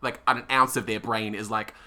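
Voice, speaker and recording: A man's voice: lowish voice, steady tone, moderate pace, bright, forceful tone. A man co-hosting a theatre podcast, chatting casually and rambling with frequent laughs and self-deprecating asides. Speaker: podcast co-host. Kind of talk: casual theatre review chat.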